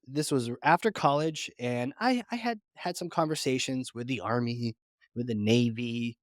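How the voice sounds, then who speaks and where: A man's voice: medium pitch, no echo, studio quality. A middle-aged man telling stories in a casual interview, acting out the voices of people he quotes. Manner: animated storyteller acting out quotes. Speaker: podcast guest, founder.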